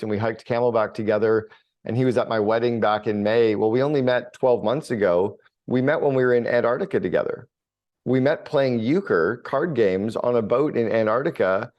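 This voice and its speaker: A middle-aged man talking in a relaxed interview, blunt and full of energy. He tells his stories casually and swears freely, at an ordinary pitch. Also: highs cut off. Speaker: podcast guest, business coach.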